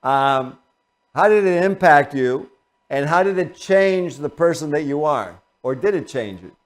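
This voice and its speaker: A man's voice: a little high, lively intonation, unhurried. A male interview host who asks questions and pays rambling, effusive compliments. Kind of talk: casual interview talk.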